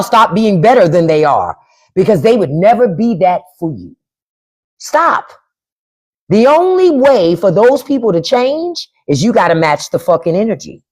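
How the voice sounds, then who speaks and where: A woman's voice: mid-range voice, a little mellow, breathy edge. A woman hosting a live stream, giving blunt, profane commentary and talking straight to her chat by name. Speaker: podcast host on a live stream.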